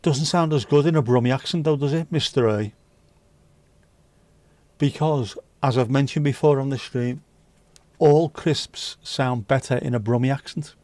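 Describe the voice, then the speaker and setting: A UK livestream host keeps things casual, cracking jokes and reading viewer comments out loud. His mid-range voice has a darkish tone and a normal speed, recorded with no room sound.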